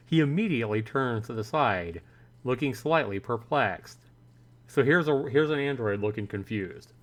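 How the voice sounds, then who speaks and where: Streamer, male, mid-pitched voice, reads game text and riffs to viewers, jumps higher when he acts out reactions. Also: measured pace. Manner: animated, voices his own reactions in a higher, louder pitch. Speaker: streamer playing a visual novel. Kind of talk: livestream commentary, reading game text aloud.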